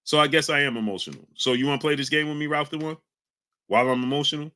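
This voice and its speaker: This live-stream host argues fiercely with his audience, shouting out chat names as he reads them in a combative way. His voice sits on the high side and moves fast.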